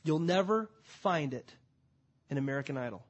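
A man preaching a sermon to a congregation, emphatic, swinging between loud declarations and quiet, drawn-out phrases. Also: a little high, animated. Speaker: pastor. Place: church before a congregation.

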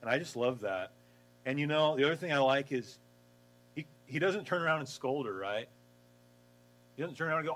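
Man, pastor, casual sermon, animated storytelling, mid-pitched. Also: fairly quick, pauses often, low-quality recording. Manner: animated storytelling, acts out voices, laughs.

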